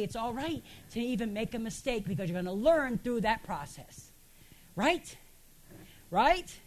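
Woman pastor, high voice, emphatic sermon delivery with rhetorical questions, speaking in a church. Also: expressive, a little slow.

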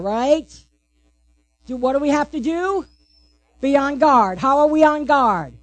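A woman's voice: sits high, dry recording. A woman pastor giving a sermon, asking the congregation questions and answering them playfully.

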